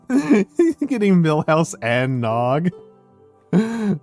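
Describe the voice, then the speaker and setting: Middle-aged male streamer, slow and chatty, faint music under the voice. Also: medium pitch, expressive, darkish tone. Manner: slow, chatty, laughing often, with many fillers. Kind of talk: casual live-stream chat.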